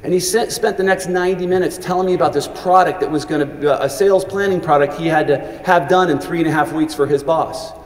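A man's voice: a little high, quick pace, few pauses. A middle-aged man giving a commencement speech, telling earnest stories with frequent restarts. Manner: earnest, anecdotal storytelling with many restarts. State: briefly choked up with emotion. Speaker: commencement speaker. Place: large hall. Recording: echoey hall, reverberant.

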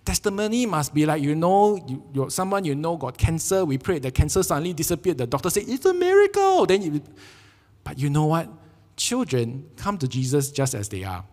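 A male pastor with a Singaporean English accent preaches in a lively, joking storytelling manner. His voice sits a little higher than most men's. The sound carries a long church-hall reverb. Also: fairly quick. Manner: animated, jokey storytelling with acted quotes. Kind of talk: sermon. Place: church sanctuary.

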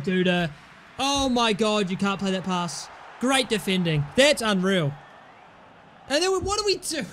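Excitable young male gamer, high and animated, shouts and swears at his own gameplay. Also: a little hiss or hum. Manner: excitable, yells and swears at the game. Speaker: gaming YouTuber. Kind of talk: live gameplay commentary.

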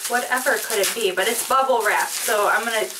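A woman beauty vlogger in casual chat, opening a package, giggly, excitable and apologetic. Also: on the high side, a little fast, recorded from a distance, noisy background.

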